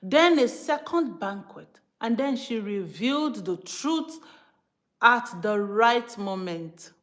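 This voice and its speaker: Animated Nigerian woman preaching casually. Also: on the high side, takes it slowly. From Nigeria, Benin City. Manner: emphatic and animated, switching between English and pidgin, asides to the viewers. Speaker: live-stream host teaching from the Bible. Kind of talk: informal preaching on a live stream.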